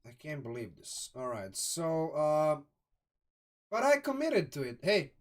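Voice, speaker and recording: Excitable Croatian man streaming, slightly distant mic. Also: on the high side, measured pace. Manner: excitable, rambling, swears casually, many restarts. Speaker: live streamer reviewing a game sourcebook. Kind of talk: casual live-stream commentary.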